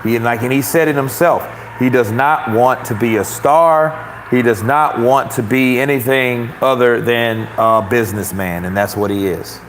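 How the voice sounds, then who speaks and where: Man, mid-pitched, casual boxing talk, heavy swearing and frequent laughter, loose rambling delivery. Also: moderate pace, a little hiss or hum. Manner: profane, laughing often, rambling. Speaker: boxing commentator. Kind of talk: casual commentary.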